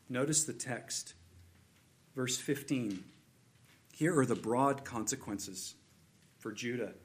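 A man's voice: mid-range voice, fairly bright tone. A man preaching a sermon, earnest and repetitive, building emphasis on key points. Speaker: pastor.

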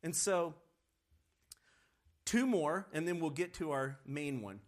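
A man teaching a Bible study lesson in a conversational, animated way, often correcting himself as he goes. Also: fairly high pitch, slow.

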